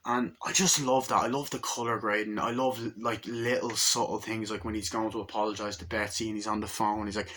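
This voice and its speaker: A man's voice: lowish voice, level tone, fairly quick, hardly any pauses, bright, forceful tone. A young man giving a casual movie review, rambling and acting out lines from the film in raised voices.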